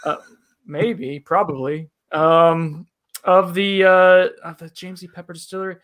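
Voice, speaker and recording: A man's voice: high voice, fairly even intonation, a little slow, fairly bright tone. A man co-hosting a casual bourbon review chat, rambling and self-deprecating, with lots of fillers.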